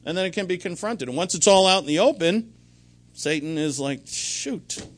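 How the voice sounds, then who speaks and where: A man's voice: high voice, expressive, fairly quick. Rambling, conversational man preaching a sermon. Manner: conversational, rambling with restarts and anecdotes. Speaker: pastor.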